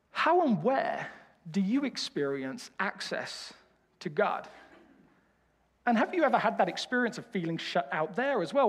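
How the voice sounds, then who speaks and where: A man's voice: high voice, slightly rough. A man from Birmingham with a Birmingham accent, preaching a sermon with humorous, self-deprecating storytelling. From Birmingham, England. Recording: reverberant hall.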